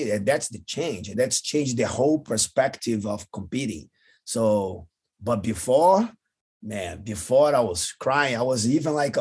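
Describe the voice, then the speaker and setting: Man, husky breathy voice, halting english, podcast guest storytelling. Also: mid-range voice, a little mellow. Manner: halting, non-native phrasing, frequent restarts. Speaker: guest, jiu-jitsu champion.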